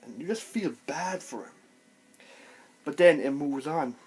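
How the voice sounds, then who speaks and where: A man giving a casual, excitable video review, retelling scenes with lively exclamations. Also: on the high side, measured pace, breathy edge. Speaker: TV show reviewer.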